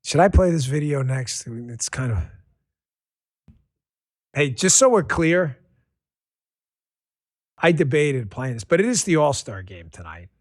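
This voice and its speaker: A man hosting a political commentary podcast, talking in a sarcastic, excitable rant that keeps tipping into laughter. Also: mid-range voice, measured pace, pauses often, no room sound, studio quality. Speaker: podcast host.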